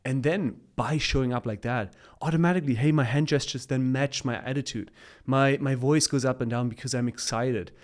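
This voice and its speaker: A man's voice: mid-range voice, fairly quick, hardly any pauses. A man chatting as a guest on a casual podcast, upbeat and coaching in tone, laughing often as he talks.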